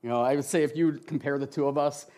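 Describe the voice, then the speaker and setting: Middle-aged man, church testimony speaker, passionate, expressive, emotional. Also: medium pitch, fast. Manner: passionate and expressive, often asks "right?". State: tearful at times. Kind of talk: emotional testimony talk with slides.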